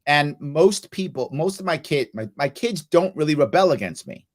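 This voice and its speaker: A middle-aged man hosting a casual chat, telling parenting stories and acting out quoted lines with loud, animated swings. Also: on the high side, moderate pace. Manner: animated storyteller, acts out quoted lines loudly. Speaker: host.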